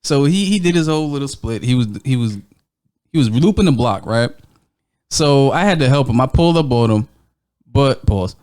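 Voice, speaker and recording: A man co-hosting a podcast, telling a story in a casual chat with animated, profane reactions. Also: mid-range voice, moderate pace, clean tone. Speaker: podcast co-host.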